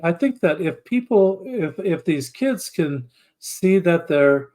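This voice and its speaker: A man's voice: fairly high pitch, expressive, slow, warm tone. A man speaking as an interview guest, earnest and thoughtful, often restarting his sentences as he works through ideas. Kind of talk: reflective conversation.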